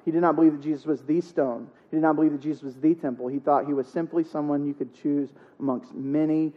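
A man's voice: on the high side, muffled recording. A man preaching a sermon as pastor, talking in a conversational way with jokes and emphatic repetition.

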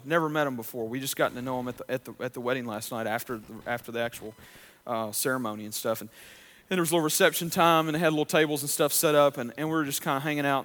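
A man's voice: mid-range voice, fairly bright tone, slight background noise. A man pastor preaching a sermon in a conversational way, with frequent restarts and fillers.

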